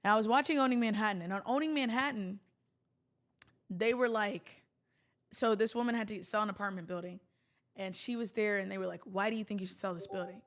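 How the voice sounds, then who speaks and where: A woman's voice: medium pitch, brisk. A woman hosting a livestream, talking casually to her viewers in a chatty, rambling way with jokey asides. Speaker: livestream host.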